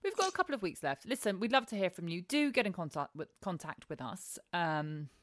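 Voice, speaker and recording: A woman's voice: fairly low pitch, big pitch swings, a little fast, fairly bright tone, no room sound, clean studio sound. A woman co-hosting a podcast in casual chat, frank and jokey. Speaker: podcast co-host.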